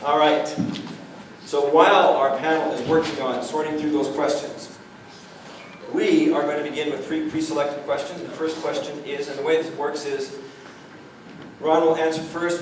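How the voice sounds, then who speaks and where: A man's voice: on the high side, fairly even intonation, normal speed. Man moderating a debate in an echoey hall. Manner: jokey, tells anecdotes to the crowd. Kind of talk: public forum hosting. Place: large hall, recorded from far. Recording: echoey hall from far off, noisy.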